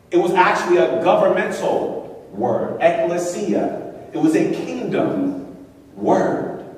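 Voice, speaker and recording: The speaker is a male pastor whose high-pitched, darkish voice drives an emphatic call-and-response sermon full of acted-out quotes. He's in a church hall, and the faraway mic leaves the recording echoey.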